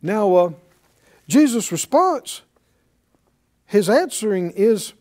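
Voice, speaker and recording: Man preaching, high voice, swooping pitch, slow deliberate delivery, calls out to congregation. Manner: animated, calls out to the congregation and acts out shouts of praise. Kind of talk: sermon.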